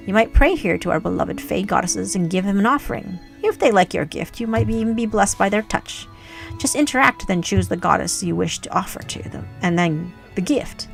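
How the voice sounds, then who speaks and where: A woman's voice: medium pitch, animated, fairly quick, gravelly, faint music behind. A woman voicing a stern, pious village woman in a game, putting on a made-up accent and a scolding, preachy manner.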